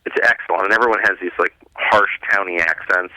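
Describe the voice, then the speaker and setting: A man in his thirties calling in as a radio show guest, bantering casually and jumping into a high voice when he mocks someone. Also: brisk, dry recording. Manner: animated, voice jumps high when mocking. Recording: call-in phone line.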